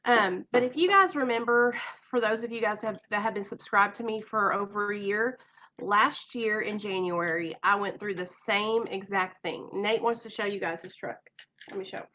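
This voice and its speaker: A woman's voice: medium pitch, moderate pace, sharp tone, a little hiss or hum. A young woman, chatting casually and emotionally on a home live stream, nervous and rambling. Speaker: vlogger.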